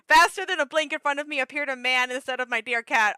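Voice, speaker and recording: A woman streaming a story game, reading it aloud and reacting with lots of laughter and excited shouts. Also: high-pitched, brisk, no room sound.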